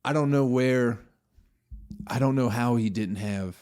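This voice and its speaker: A man's voice: mid-range voice, unhurried, darkish tone, clear, resonant tone. A man, a comedian hosting his own podcast, telling a rambling story with a lot of swearing and exasperated asides to his listeners.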